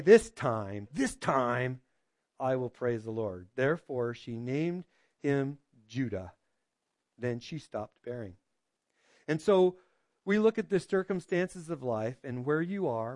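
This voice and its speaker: A man's voice: a little mellow, no room sound. A man preaching a sermon in a conversational way, often asking the congregation "right?" and acting out quoted voices. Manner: acts out quoted voices with drops in pitch. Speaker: pastor.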